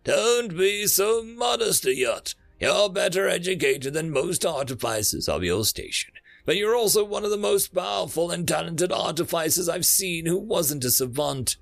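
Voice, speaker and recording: A man's voice: high voice, very animated, moderate pace, creaky, hardly any pauses, dry recording, clean studio sound, faint music behind, pitched above the performer's own voice, full character voice. A man voicing a seasoned male officer who talks emphatically, in an audiobook reading. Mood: emphatic.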